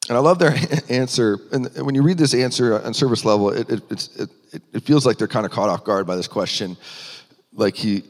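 Male preacher, earnest and emphatic, mid-pitched, long hall reverb. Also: a little fast. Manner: earnest, rising with emphasis, frequent restarts. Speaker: pastor. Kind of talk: sermon.

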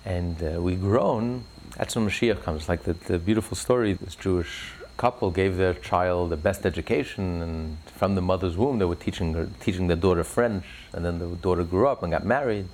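A man speaks with fervent conviction, his low voice carrying a gravelly texture. His talk rises in emphatic surges, pressing each point hard. There is a faint ambient hiss behind him. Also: moderate pace, few pauses, a little mellow. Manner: fervent, builds to rising emphatic peaks. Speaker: religious speaker. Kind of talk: impassioned religious talk.

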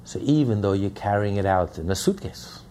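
A man's voice: lowish voice, animated, fairly quick, mellow, slight background noise. A man teaching a Hasidic text in a lecture, repeating points and asking rhetorical questions. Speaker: Torah teacher.

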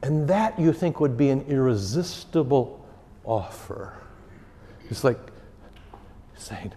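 A pastor teaches catechism in an informal, conversational talk, repeating key phrases for emphasis. His mellow, mid-range voice has lively intonation, a slow pace, and long pauses, with slight background noise and a hall's long reverb.

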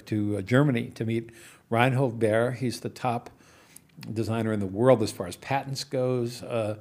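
Man telling lively business anecdotes. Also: medium pitch. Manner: animated anecdotes with chuckles and restarts. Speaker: business investor and guest. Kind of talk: casual storytelling interview.

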